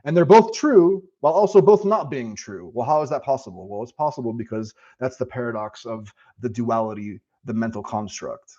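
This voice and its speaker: A man's voice: mid-range voice, animated, a little fast, hardly any pauses, warm tone, muffled recording. A man live-streaming and answering chat in a casual, profane, rambling way, talking about spiritual ideas.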